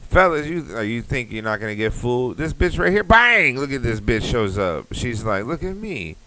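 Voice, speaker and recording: A man's voice: fairly low pitch, bright, forceful tone, clean tone, poor audio. A young man hosting a podcast, riffing in a rambling, profane comedic rant. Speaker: podcast host.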